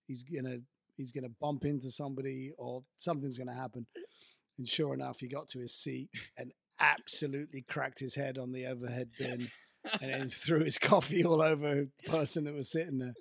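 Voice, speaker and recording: A man's voice: medium pitch, steady tone, fairly quick, creaky, fairly bright tone, no room sound. A man from Europe co-hosting a casual chat, telling dry, wry anecdotes. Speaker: podcast co-host.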